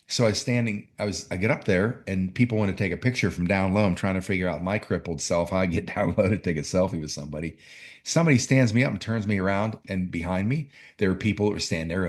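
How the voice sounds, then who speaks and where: A man telling a story in casual talk, emphatic and getting fired up, often laughing as he goes. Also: deep voice. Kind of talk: animated storytelling.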